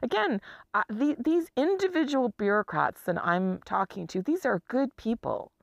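An exhausted, chronically ill woman speaks to camera in a candid personal monologue, blunt and emotional about her own life and sometimes dropping to a near whisper. Her voice is a little high, animated and creaky, at a normal speed, with clean studio sound and no room echo.

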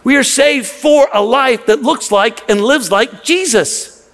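A man's voice: very high voice, slow, fairly bright tone. A man preaching a sermon in a church, impassioned, often repeating words as he presses his points. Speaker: pastor. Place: church sanctuary. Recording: long reverb of a large hall.

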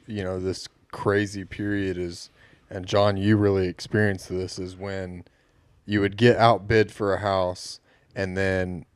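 A man's voice: sits low, level tone, unhurried, smooth, no room sound. A man chatting casually in a group, rambling and full of fillers.

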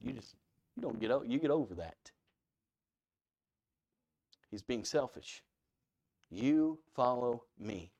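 A man preaching a conversational sermon, animated and full of rhetorical questions to his listeners. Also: mid-range voice.

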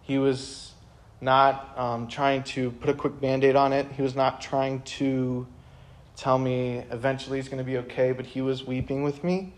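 A young man giving a casual, earnest talk to high school students, full of fillers and sudden bursts of energy. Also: little pitch movement, moderate pace, slight background noise. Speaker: youth speaker.

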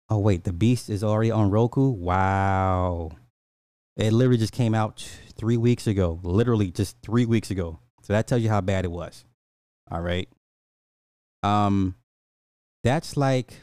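This commentary host is an American man in his forties who speaks African American Vernacular English in a low, dark voice with no echo. He delivers blunt, profane opinions, stammering and restarting as he reads news quotes aloud and reacts to chat.

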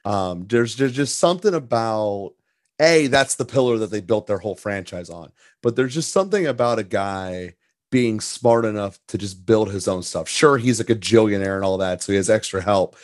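A man's voice: fairly low pitch, normal speed, no room sound, studio quality. Easygoing male interview guest from Pittsburgh. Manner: relaxed, easygoing, with fillers and laughs. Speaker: podcast guest, entrepreneur. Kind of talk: casual interview answers.

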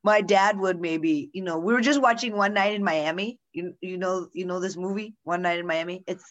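A woman's voice: lowish voice, moderate pace. A woman co-hosting a casual chat, sharing strong opinions in a loose, rambling flow full of asides.

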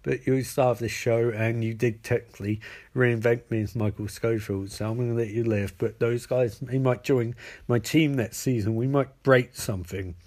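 A man's voice: medium pitch, fairly even intonation, normal speed, a little mellow, close to an everyday voice. A man voicing a rambling, sheepish male supervillain who stammers and restarts.

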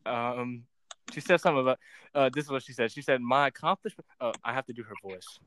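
A man's voice: medium pitch, quick pace, fairly bright tone, a little hiss or hum. A young man hosting a casual podcast chat. He rambles, giggles often and teases as he reads out what his guest types. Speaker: podcast host.

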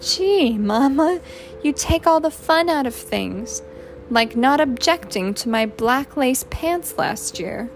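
Storybook teen girl, flippant and cheeky, pitched up, unhurried, voiced by a woman reader. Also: expressive, faint music behind, heavily acted. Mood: defiant. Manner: flippant, wisecracking. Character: teenage girl, sassy and teasing.

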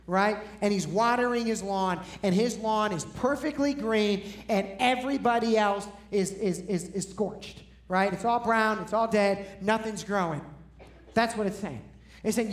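Male pastor, conversational sermon delivery, emphatic with quick restarts; reverberant room. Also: very high voice. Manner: emphatic, conversational, keeps asking "right?"; restarts and stumbles over words when excited.

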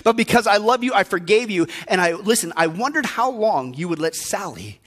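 A man voicing a gentle, loving old grandmother in a sermon story, speaking soft and low. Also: very animated, brisk, exaggerated voice. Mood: tender.

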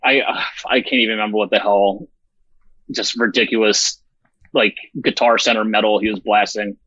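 A man's voice: on the low side, fairly even intonation, moderate pace, sharp tone, breathy edge, dry recording, highs cut off. A man who organizes a festival, talking bluntly and with lots of swearing in a rambling, casual interview. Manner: profane, blunt, rambling with fillers.

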